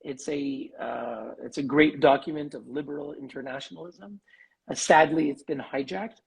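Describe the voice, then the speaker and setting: Husky gravelly-voiced man explaining. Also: fairly high pitch, poor audio. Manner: articulate, measured, explanatory. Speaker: interview guest, human rights advocate. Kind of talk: live online interview.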